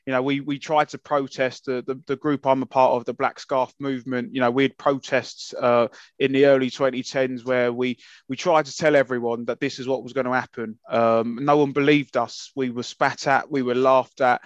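A man's voice: medium pitch, little pitch movement, moderate pace, no room sound. A man co-hosting a casual podcast, talking in an impassioned, emphatic way with many fillers and restarts. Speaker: podcast co-host. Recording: muffled lo-fi, dry sound.

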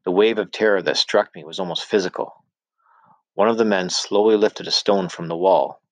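A man reads a novel aloud in a deep, low voice, telling the story at a steady pace and voicing the dialogue as he goes. The sound is dry and close, with no room around it. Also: normal speed, dry recording. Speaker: audiobook narrator. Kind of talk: scripted narration.

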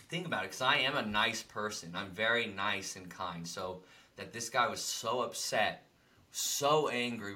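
A man co-hosting a casual spiritual chat, rambling with many fillers and acting out angry quotes loudly as he tells his stories. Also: on the low side. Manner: animated storytelling, acts out angry quotes loudly. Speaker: podcast co-host.

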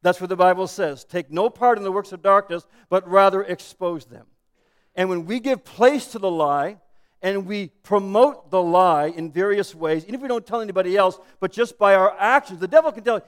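A man's voice: high voice, clear, resonant tone. A man preaching a sermon as pastor, earnest and building to emphatic declarations. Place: church sanctuary. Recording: echoey church hall.

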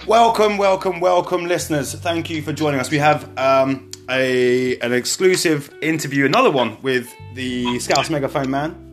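A man's voice: a little high, moderate pace, few pauses, soft background music. A man hosting a podcast in a casual, rambling way, restarting his sentences often and keeping the interview moving. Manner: chatty and rambling, many restarts. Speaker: podcast host.

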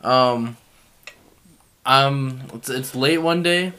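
A young man in his twenties telling a story in casual chat, animated and laughing often. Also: medium pitch, extremely slow, clean tone.

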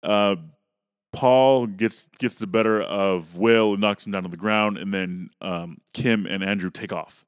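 A man's voice: lowish voice, steady tone, measured pace, clean tone, no room sound, clean studio sound. A man casually recapping a film's plot on a podcast, loose and profane, acting out bits of dialogue. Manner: loose, profane retelling of plot with acted-out quotes. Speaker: podcast co-host. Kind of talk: casual movie recap chat.

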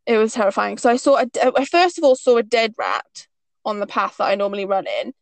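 A woman's voice: medium pitch, very animated, a little fast, poor audio. A young woman from the Northeast of England, co-hosting a podcast and telling stories in casual chat, with many "like"s. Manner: chatty storytelling, lots of "like". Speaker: podcast co-host.

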